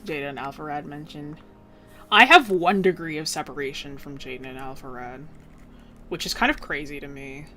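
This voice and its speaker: A young woman streamer chatting casually, bubbly and rambling, full of "like" and quick laughs. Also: deep voice, pushed and bright, a little hiss or hum. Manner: bubbly, rambling, heavy "like" filler, bursts of laughter.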